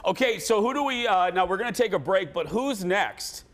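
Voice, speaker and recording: A man in his forties hosting a talk show, telling stories with laughter and animated banter. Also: high voice, normal speed.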